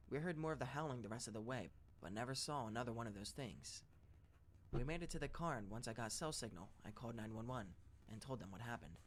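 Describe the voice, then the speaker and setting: A man narrating first-person scary stories in a steady, even read-aloud delivery. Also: medium pitch, a little hiss or hum. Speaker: story narrator.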